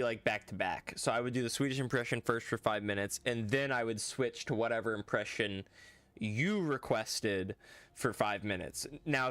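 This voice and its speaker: A man's voice: mid-range voice, fairly bright tone, no echo. A man streaming a game, chatting casually and rambling to viewers with lots of "like" and "bro". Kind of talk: casual livestream chat.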